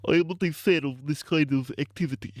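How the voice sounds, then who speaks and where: A man puts on a pompous male world leader with a stiff, formal delivery. The voice is pushed higher than his usual talk and spoken slowly. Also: darkish tone, no echo, close to an everyday voice. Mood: mock-formal. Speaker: streamer.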